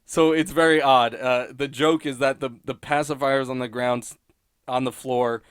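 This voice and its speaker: A man's voice: medium pitch, fairly even intonation, normal speed, smooth, no echo, studio quality. A man hosting a solo podcast, talking through a cartoon episode in rambling, wry commentary and often cutting himself off. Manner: rambling, self-interrupting, wry, laughs at own points. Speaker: podcast host reviewing episodes.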